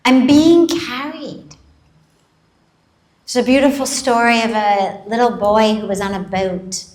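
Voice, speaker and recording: A woman spiritual teacher giving a slow, measured, gently emphatic satsang talk to a live audience in a large event hall, her throat dry and catching on coughs. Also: fairly high pitch, fairly even intonation. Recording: roomy echoing hall.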